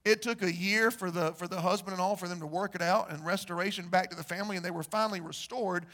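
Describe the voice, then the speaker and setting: A man preaching a sermon, telling stories and acting out the people in them, building to loud emphasis. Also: high voice, fairly even intonation, fast talker. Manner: storytelling, acts out quoted voices, rises to loud emphasis. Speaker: pastor.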